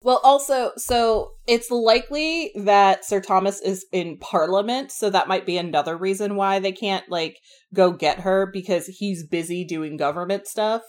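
A woman co-hosting a casual book discussion, relaxed, adding background explanations. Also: mid-range voice, normal speed, few pauses. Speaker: book podcast co-host.

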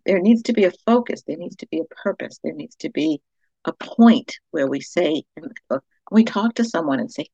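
A woman's voice: fairly low pitch, husky, no room sound. A woman hosting a devotional podcast, talking earnestly and from the heart, with many fillers, on a slightly dull recording. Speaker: podcast host. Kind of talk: devotional monologue.

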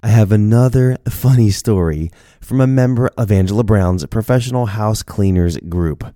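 A man hosting a storytelling podcast, his pitch bouncing all over as he jokes and chats. The sound is close and dry, with no room around it. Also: warm tone, no room sound. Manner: playful, chatty, jokey asides. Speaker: podcast host.

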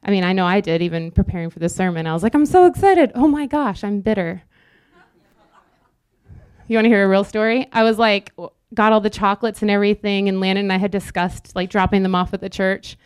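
A young woman preaches in an earnest, conversational style, breaking into quick asides. Her voice is smooth and resonant. The sound is dry, with no room echo. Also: medium pitch, level tone. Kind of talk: sermon.

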